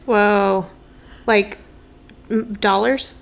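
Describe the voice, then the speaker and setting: A woman's voice: medium pitch, steady tone, drawn-out words, gravelly. A woman co-hosting a podcast in casual chat, curious and teasing, asking questions about the story. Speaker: podcast co-host.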